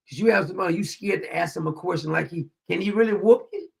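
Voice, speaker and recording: A man's voice: high-pitched, quick pace, gravelly, hardly any pauses. A man with hosting a commentary show, ranting bluntly and heatedly with some profanity. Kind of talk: blunt political commentary rant.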